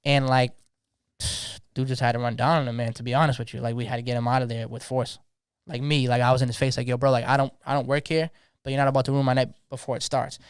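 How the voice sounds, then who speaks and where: Fast-talking passionate young man. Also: medium pitch, flat delivery, smooth, no room sound, clean studio sound. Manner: passionate, slangy, repeats words when worked up. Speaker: DJ guest. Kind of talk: casual podcast conversation.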